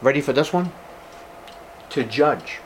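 A man's voice: mid-range voice, expressive, unhurried, a little hiss or hum. A man preaching a sermon to his congregation as pastor, emphatic, repeating key words and calling his listeners beloved. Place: church service with congregation.

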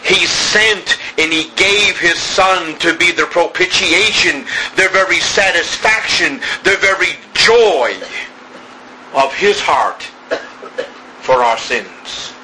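A man preaching an evening sermon, slow and emphatic, building through repeated phrases. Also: high-pitched, animated, bright, forceful tone, slight background noise, poor audio.

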